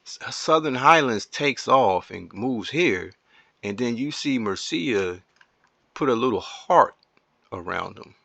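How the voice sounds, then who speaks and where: A man recording commentary on a strategy game at home, excitable and rambling, talking straight to his viewers. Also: medium pitch, slow pace, gravelly, dry recording.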